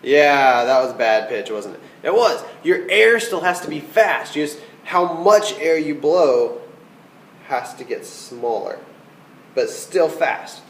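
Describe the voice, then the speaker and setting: Lively-voiced man teaching trumpet. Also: on the high side, slow pace, echoey room, a little hiss or hum, low-quality recording. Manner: counting beats aloud, patient and explanatory. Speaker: music teacher. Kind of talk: trumpet lesson instruction.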